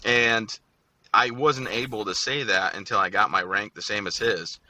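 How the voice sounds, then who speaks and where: A man's voice: on the low side, steady tone, pushed and bright, a little hiss or hum. A man in his thirties, an Army veteran guest, telling blunt and joking stories in a casual interview. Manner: joking, blunt, fast-talking storyteller.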